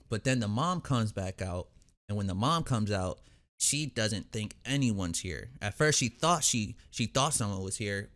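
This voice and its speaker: A man's voice: mid-range voice, a bit bright. A young man hosting a reaction video, casually recapping an episode in a rambling way, full of fillers and restarts.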